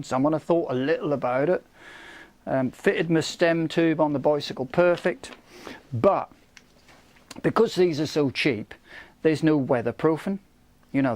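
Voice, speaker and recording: A middle-aged man ranting casually about a cheap product, exasperated and swearing, with many "you know"s. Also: darkish tone. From United Kingdom. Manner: exasperated, swears, repeats "you know", rising pitch when angry. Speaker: vlogger reviewing a product.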